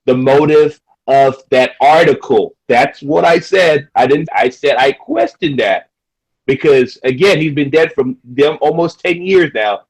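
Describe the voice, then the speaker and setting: A man's voice: a little high, a little slow, breathy edge, low-quality recording. A man co-hosting a podcast, arguing defensively and repeating himself to insist on what he said. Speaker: podcast co-host. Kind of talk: casual debate.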